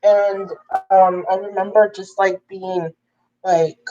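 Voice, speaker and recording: A young adult woman telling a personal story in a casual, chatty way, jumping up in pitch when she quotes people. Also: normal speed, lo-fi sound. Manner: chatty, animated when quoting others. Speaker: vlogger.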